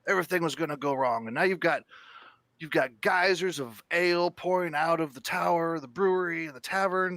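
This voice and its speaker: A man voicing a stout, bearded dwarf woman brewmaster who scolds loudly. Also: on the high side, vocal fry, no echo, pitched above the performer's own voice. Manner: loud, scolding.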